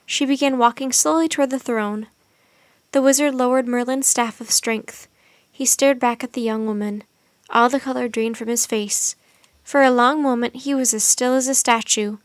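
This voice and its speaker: This is a storybook read aloud by a woman whose pitch runs a touch high, her delivery steady and full of expression. She moves at a moderate pace, captured in a dry, close recording with no room ambience.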